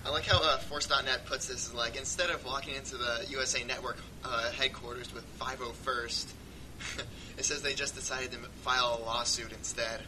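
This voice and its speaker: A man's voice: medium pitch, fairly even intonation, moderate pace. A man co-hosting a casual fan podcast who talks in a loose, chatty way and laughs often. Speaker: podcast co-host. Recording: noisy podcast audio.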